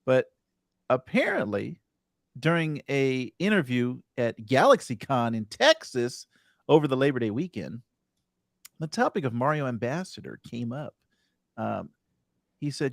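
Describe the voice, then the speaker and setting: Animated man hosting a gaming podcast. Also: medium pitch, measured pace, creaky, pauses often, dry recording, studio quality. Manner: animated, reads news items aloud. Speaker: podcast host. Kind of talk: casual gaming news chat.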